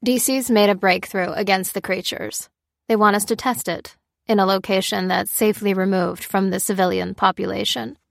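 A woman's voice: mid-range voice, fairly even intonation, moderate pace, creaky, no room sound, clean studio sound, lightly acted. A woman voicing a polite, hesitant female botanist. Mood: earnest.

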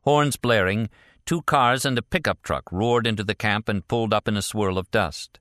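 A man narrating a thriller audiobook in a measured, even storytelling manner. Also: lowish voice, dry recording, studio quality. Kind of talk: scripted narration.

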